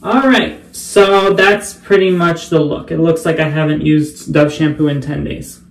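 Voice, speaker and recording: A man vlogging casually while getting ready, chatty and playful, often dropping into quiet muttered asides. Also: on the high side, steady tone, unhurried, creaky. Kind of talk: casual get-ready-with-me vlog.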